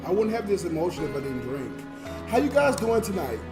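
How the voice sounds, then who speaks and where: A man's voice: high voice, sing-song, a little fast. A drunk man livestreaming as a comedian, talking to his viewers in a raw, emotional rant. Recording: roomy echo with music behind.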